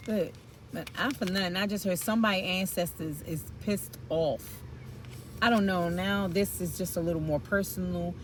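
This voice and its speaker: A woman's voice: on the low side, steady tone, normal speed, slight background noise, low-quality recording. Chatty, blunt woman tarot reader. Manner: chatty and blunt, with frank slang and swearing. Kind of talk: casual tarot reading chat.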